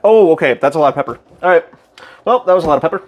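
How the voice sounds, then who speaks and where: A young man casually chatting with his stream chat while cooking, excitable, goofy and loud. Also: a little high, very fast.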